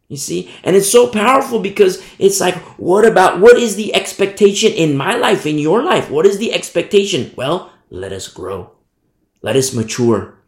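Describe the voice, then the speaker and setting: A man's voice: fairly high pitch, animated, brisk, vocal fry. A man preaching a verse-by-verse sermon as pastor, emphatic and repeating his key phrases. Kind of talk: expository sermon. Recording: roomy echo.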